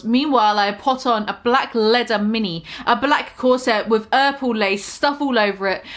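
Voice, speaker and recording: A woman giving a mock-dramatic reading, deadpan, with occasional laughs. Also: a little high. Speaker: dramatic reader.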